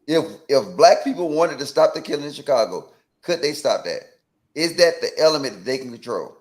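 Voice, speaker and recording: A man's voice: medium pitch, brisk. A man from Atlanta co-hosting a call-in talk show, debating with pointed questions and stammered restarts. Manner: animated, asks pointed questions, repeats "right?". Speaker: co-host.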